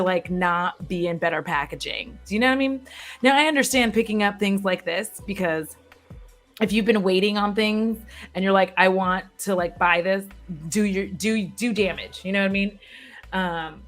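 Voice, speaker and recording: A woman beauty creator chatting casually and frankly to her viewers, swearing and laughing often. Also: fairly low pitch. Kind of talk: casual livestream chat.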